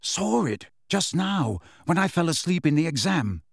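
Guy doing a panicky teen boy wizard yelling at his friends, raised voice, dry close sound. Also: a little high, very animated, unhurried, creaky, dry recording, pitched above the performer's own voice, exaggerated voice. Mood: urgent, shouting. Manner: urgent, shouting, shaky. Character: agitated teenage boy wizard, urgent and shouting.

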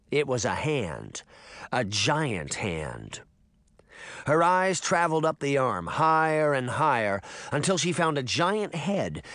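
A man's voice: mid-range voice, dry recording. A man narrating a children's fantasy novel as an audiobook. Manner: expressive storytelling. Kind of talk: scripted narration.

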